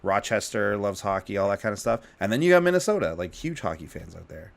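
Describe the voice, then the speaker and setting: A man's voice: lowish voice, lively intonation, quick pace, gravelly. Rambling, chuckling man co-host. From Canada. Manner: rambling, laughs often, says like and you know. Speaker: podcast co-host. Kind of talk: casual chat.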